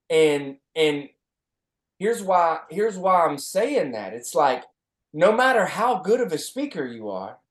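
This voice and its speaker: Slow, earnest man giving motivational talk. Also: high-pitched. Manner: earnest and reflective, with many restarts. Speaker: podcast co-host. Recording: roomy echo.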